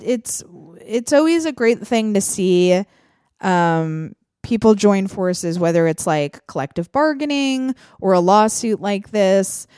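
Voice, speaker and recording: A woman's voice: mid-range voice, a little mellow, clean tone, dry recording. Woman podcast host, casual and chatty, mid-range voice, dry close recording. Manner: chatty, laughs often, lots of fillers. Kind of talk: casual chat.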